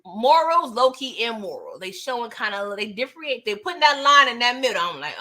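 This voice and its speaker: A woman giving a casual recap of a TV episode, animated and chatty, talking straight to her viewers. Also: a little high, a little fast, few pauses, slight background noise. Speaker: TV recap vlogger.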